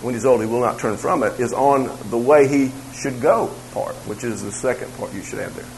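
A man's voice: mid-range voice, fast talker, gravelly, background noise. A man teaching a church Bible class about raising children. He talks conversationally, repeats his phrases and makes asides to the room.

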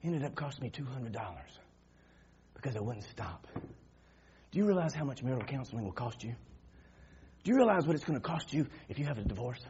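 A man preaching a sermon, telling a story that swings from quiet murmurs to loud shouting. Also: mid-range voice, big pitch swings, fairly quick, dull audio, a little hiss or hum.

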